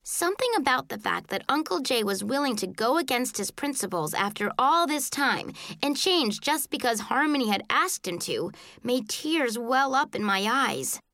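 A woman narrating a children's book in the first person, telling it in an expressive, childlike way. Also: high voice, normal speed, few pauses, dry recording, studio quality. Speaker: audiobook narrator.

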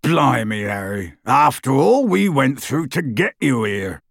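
A man doing a gruff half-giant storybook man. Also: mid-range voice, sing-song, measured pace, fairly bright tone, no echo, studio quality, heavily acted. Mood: insistent. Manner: gruff, rough-edged.

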